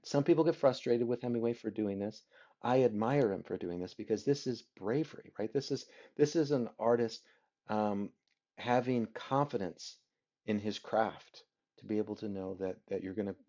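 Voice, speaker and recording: A man's voice: lowish voice, warm tone. Man lecturing on literature, dull lo-fi sound. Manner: keeps asking the listeners rhetorical "right?" questions. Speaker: literature teacher. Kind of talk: recorded class lecture. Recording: dull lo-fi recording.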